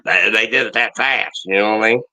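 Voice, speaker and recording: A man's voice: lowish voice, fairly quick, sharp tone. A man telling a profane story about a phone call in casual chat.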